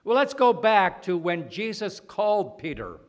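A man preaching a sermon, slow and deliberate, swinging between loud emphatic lines and quiet ones. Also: sits high, sing-song.

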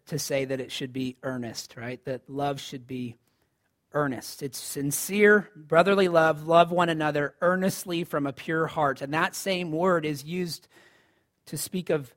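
A man's voice: fairly high pitch, fairly even intonation, unhurried. A man preaching a sermon in a conversational style, rising to emphatic lines. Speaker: pastor.

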